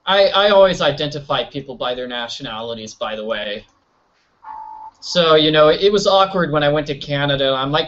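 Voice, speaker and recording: A man's voice: a little high, normal speed, muffled recording. A man giving casual, joking commentary while playing a mystery video game. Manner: joking, animated, silly voices. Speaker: let's play host.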